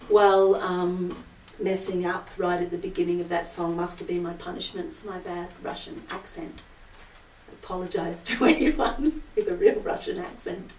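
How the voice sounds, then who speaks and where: A woman's voice: on the low side, fairly even intonation, moderate pace, darkish tone, slight background noise. A woman singer hosting a live-stream concert, chatting casually between songs and rambling through myths with many fillers. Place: indoor room with an altar. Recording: roomy echo, heard from a distance.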